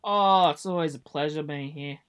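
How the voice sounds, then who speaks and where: A man's voice: a little high, normal speed, a bit bright, clear, resonant tone. An Australian man chatting casually as a podcast guest over a video call, hesitant and full of "like" fillers. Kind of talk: casual chat.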